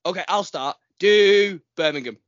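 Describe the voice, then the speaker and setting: A man's voice: sits high, moderate pace, a bit bright, no echo. A man co-hosting a casual podcast, teasing his friends and laughing a lot. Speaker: podcast co-host. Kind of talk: casual chat. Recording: slightly muffled dry recording.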